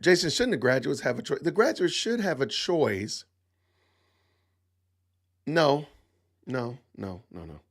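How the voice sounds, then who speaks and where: Podcast host, man, middle-aged, gravelly and animated, emphatic rhetorical commentary. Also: mid-range voice, slow, long pauses. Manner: emphatic, rhetorical questions, repeats himself. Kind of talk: opinionated livestream commentary.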